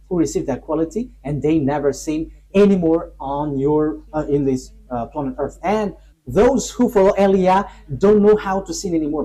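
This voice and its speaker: A man preaching a sermon, emphatic and halting, rising sharply on key points between pauses and fillers. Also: fairly high pitch, mellow, slight background noise, poor audio.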